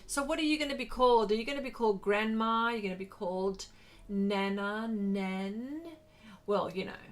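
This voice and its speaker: An Australian woman hosts a relaxed art livestream, chatting away in a somewhat high voice. She rambles easily from topic to topic and reads out viewers' comments to answer them. Her voice lifts brightly whenever she greets someone. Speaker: artist hosting a livestream. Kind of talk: casual livestream chat.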